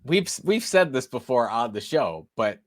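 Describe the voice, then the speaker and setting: A middle-aged man co-hosting a podcast, joking around with quick one-liners. His pitch swings up and down a lot as he talks. The sound is close and dry. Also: very animated, no room sound. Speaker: podcast co-host. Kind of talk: casual podcast banter.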